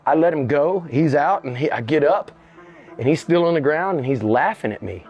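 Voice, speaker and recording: A middle-aged man telling a story in a casual interview, animated and swearing, acting out the scene. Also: moderate pace, husky, highs cut off. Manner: animated, swearing, acts out the scene with jumps in pitch. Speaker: interview guest.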